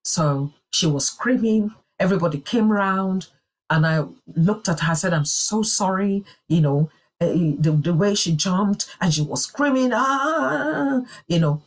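Husky woman giving an earnest sermon testimony. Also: on the low side, expressive, measured pace. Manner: earnest, emphatic storytelling. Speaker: church speaker.

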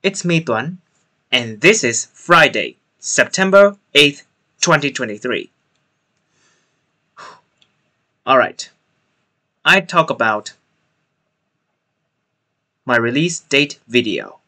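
Slow, bright-voiced young man vlogging. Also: mid-range voice, lively intonation. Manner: slow, careful speech practice with repeated phrases. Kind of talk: casual video diary.

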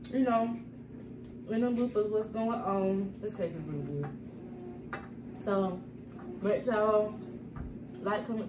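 A woman vlogger chats to her viewers in an unhurried, soft way. She sounds far from the mic in an echoey room. A clear hum of noise sits behind her voice. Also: medium pitch. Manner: slow, soft, chatty, addresses viewers directly. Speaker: vlogger, expectant mother. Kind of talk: casual family vlog. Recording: echoey room heard from afar, noisy.

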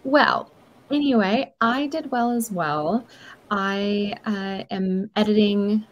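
A woman's voice: mid-range voice, takes it slowly, dull audio. Chatty woman hosting a writing stream. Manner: chatty, playful, self-deprecating. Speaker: host of a writing livestream. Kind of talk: casual chat.

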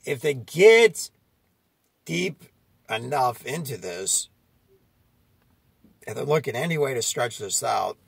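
A man's voice: medium pitch, animated, takes it slowly, gravelly, long pauses, husky, no room sound. A man preaching a fiery sermon, confronting his listeners and often asking "okay?" between his points. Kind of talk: street-style sermon.

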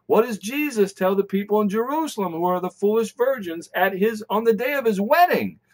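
Male Bible teacher with a high, lively voice, emphatic and animated. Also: a little fast. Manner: emphatic and animated, with frequent "all right". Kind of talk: recorded Bible lesson.

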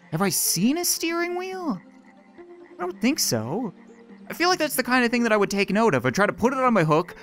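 A gaming host talks viewers through a playthrough in a loose, jokey way, the voice leaping all over its range. The pitch sits in a middle register, and faint game music runs quietly underneath. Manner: chatty, jokey, talking to viewers while playing. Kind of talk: casual let's-play commentary.

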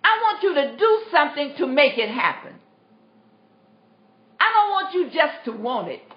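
A woman's voice: high-pitched, very animated, moderate pace. Woman playing a firm, wise old fisherman. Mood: instructive. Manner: firm, instructive. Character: kindly older male fisherman, wise mentor. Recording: roomy, dull lo-fi livestream.

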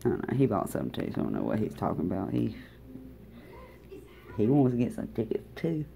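A woman's voice: a bass voice, wildly swooping pitch, fairly quick, vocal fry, dark tone. A woman chatting casually to viewers while scratching lottery tickets in a hotel room, drawling and talkative.

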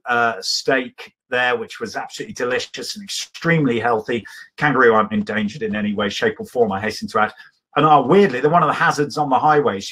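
Husky-voiced man telling travel stories. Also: mid-range voice, fairly bright tone. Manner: enthusiastic, rambling storyteller with many fillers. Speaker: adventurer giving a travel talk. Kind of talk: live illustrated talk to an audience.

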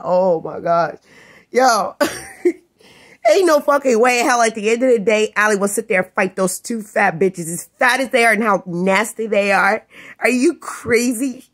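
Slow-talking woman ranting with curses. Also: mid-range voice, a bit bright. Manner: cursing, scornful, laughing between jabs. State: tired, up all night. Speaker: vlogger. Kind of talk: profane ranting monologue.

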